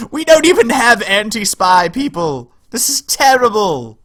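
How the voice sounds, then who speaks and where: A man's voice: sits high, sing-song, very slow, voice pushed up, full character voice. A man putting on a theatrical, mock-shocked voice as an outraged leader in a strategy game. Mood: mock outrage.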